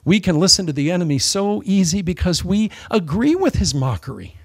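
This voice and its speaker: A man preaching with real animation, slipping into little voices to act out mockers. His voice sits a touch high for a man. The sound is close and dry, with no room around it. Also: sing-song, brisk, no echo. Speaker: pastor. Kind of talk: sermon.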